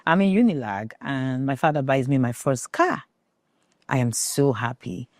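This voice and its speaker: A woman's voice: very deep voice, moderate pace, a little mellow, no room sound, clean studio sound. A Nigerian woman telling a family story as an interview guest, acting out the voices of the people in it.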